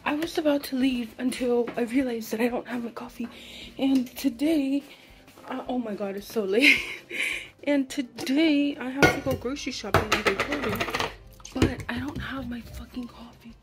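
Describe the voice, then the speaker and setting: A woman's voice: high voice, normal speed, noisy background. A young woman vlogging at home, rambling through an exasperated story and swearing freely while she gets ready. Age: young adult. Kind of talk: casual get-ready-with-me vlog chat. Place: home, indoors.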